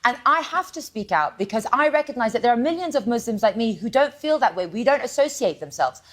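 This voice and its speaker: A woman speaks forcefully as a guest on a televised debate, pushing back and talking over others. Her pitch is a bit high and swings widely. She comes in over a remote call. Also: animated, fairly quick. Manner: forceful, interrupting, insistent.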